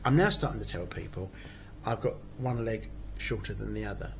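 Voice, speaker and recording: A man's voice: fairly low pitch, a little fast, vocal fry, a little hiss or hum, rough recording. An older man, a comedy veteran, joking dryly about himself in casual podcast chat. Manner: self-mocking jokes, dry wit. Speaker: comedian guest.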